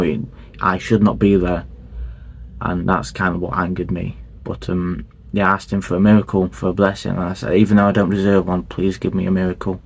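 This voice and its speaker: A young man with a deep voice and an even, level delivery, talking casually as a podcast host. He rambles earnestly, restarting sentences and filling pauses as he tells his story.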